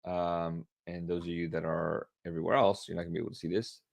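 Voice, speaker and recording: A middle-aged man hosting a casual solo podcast, talking with excited energy and often repeating himself. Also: deep voice, fast, vocal fry, no room sound, studio quality. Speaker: podcast host.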